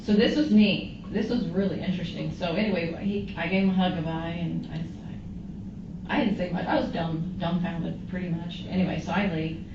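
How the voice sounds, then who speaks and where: Woman witness in a police interview, low voice, roomy and distant recording. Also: brisk, dull audio, noisy background. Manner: rambling, animated retelling with quoted dialogue. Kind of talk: recounting events to police.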